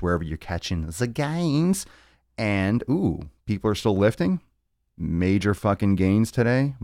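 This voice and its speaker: A man's voice: sits low, darkish tone, dry recording, clean studio sound. A man hosting a live fitness podcast, talking in a rambling, joking way with plenty of swearing. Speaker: podcast host. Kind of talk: casual live-stream monologue.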